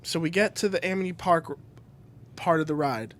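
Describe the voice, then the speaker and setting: A man co-hosting a podcast, telling an animated story and acting out the people in it, swearing casually. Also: a little high, brisk. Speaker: podcast co-host.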